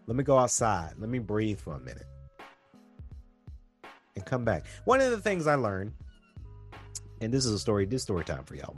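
Earnest young man with lively pitch. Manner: earnest and preachy, repeats himself often. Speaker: vlogger giving relationship advice. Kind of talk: casual advice monologue.

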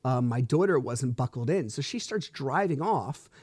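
A man's voice: medium pitch, lively intonation, normal speed, darkish tone, breathy edge, no room sound, studio quality. A man in his thirties hosting a solo podcast, telling a story in a frustrated, rambling way with swearing and restarts. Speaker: podcast host.

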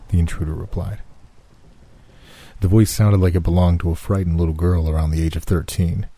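A man narrating a first-person scary story in a slow, measured, suspenseful reading. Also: sits low, fairly even intonation, mellow, breathy edge.

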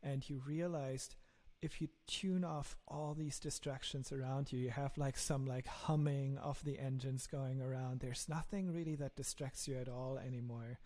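A man's voice: mid-range voice, steady tone, moderate pace, mellow. A man with a German accent, a startup founder talking earnestly in an interview, often repeating words as he thinks. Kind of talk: casual interview talk.

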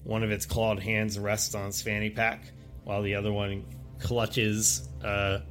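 A man's voice: lowish voice, monotone, measured pace, fairly bright tone, faint music behind. A man narrating as game master of a tabletop game, describing scenes in a loose, rambling way with many fillers.

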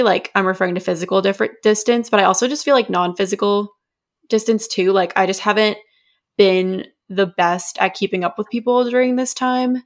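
Chatty young woman podcast co-host. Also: medium pitch. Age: 20s. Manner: chatty, frequent "like" fillers. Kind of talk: casual chat.

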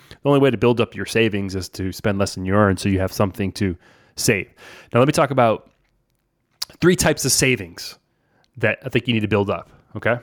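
Chatty man with a low, dry voice. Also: dry recording. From New Orleans. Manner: chatty, conversational, says "man" and "right?" often. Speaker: podcast host. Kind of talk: casual financial advice talk.

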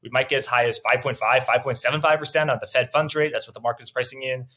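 Young male host, mid pitch, animated and quick, stammers through repeats. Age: young adult. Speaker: interview host. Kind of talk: finance interview, questioning.

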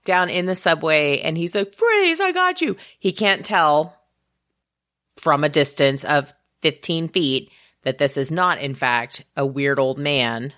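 A woman casually recapping a movie with a friend, animated and sarcastic, swearing freely. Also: deep voice, unhurried. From Houston area. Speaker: podcast co-host.

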